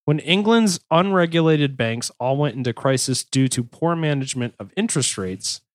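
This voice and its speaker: A man's voice: on the high side, lively intonation, moderate pace, no room sound, clean studio sound. A man hosting a podcast, chatting loosely and reading notes aloud with frequent restarts and jokes. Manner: rambling, joking, self-correcting restarts. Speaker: podcast host.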